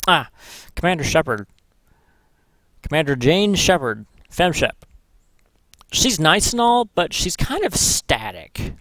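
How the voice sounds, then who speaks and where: A man's voice: fairly high pitch, very animated, slow, pauses often, a bit bright, dry recording. A man vlogging in casual commentary, rambling and swearing, correcting himself as he goes. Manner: rambling, profane, self-correcting. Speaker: gaming vlogger.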